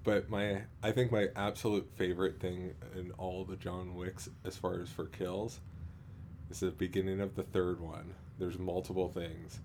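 Rambling low-voiced man chatting. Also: level tone, a little mellow, slight background noise. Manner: rambling, halting, filler-heavy, frequent laughs. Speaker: podcast co-host. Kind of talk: casual chat.

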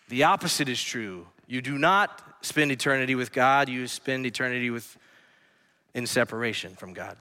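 A man pastor preaching a sermon in a church, earnestly swinging between hushed lines and emphatic ones. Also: medium pitch. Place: church sanctuary. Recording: long hall reverb.

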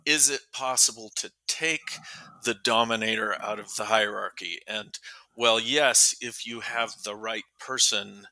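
A man's voice: fairly low pitch, unhurried, sharp tone, rough recording. A man co-hosting a podcast in casual conversation, thoughtful with a dry, sarcastic streak. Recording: dry close mic.

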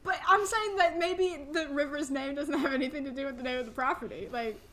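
A woman's voice: sits high, fairly quick, crowd noise. A woman playing a tabletop game, speaking tentatively and hedging her ideas. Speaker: player. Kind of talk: casual tabletop play.

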